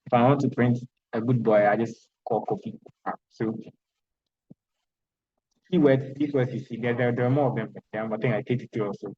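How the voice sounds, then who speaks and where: A man with a Ghanaian accent teaching programming in an online lecture, talking in a halting way with many restarts and repeated words. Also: mid-range voice, steady tone, a little hiss or hum. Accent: Ghanaian English. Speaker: programming instructor. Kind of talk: online lecture with screen sharing. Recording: dull lo-fi online call audio.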